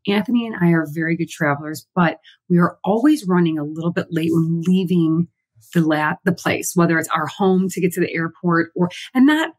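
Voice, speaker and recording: A woman co-hosting a podcast, telling a travel story in casual chat, animated and swearing casually. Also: on the low side, brisk, breathy edge. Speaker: podcast co-host.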